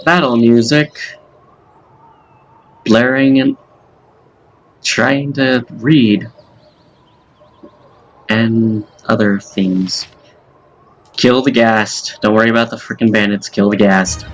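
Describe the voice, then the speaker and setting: A man giving casual, rambling gameplay commentary as a let's-play host, with quick asides and game text read aloud. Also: on the low side, slight background noise, low-quality recording. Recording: faint game music behind.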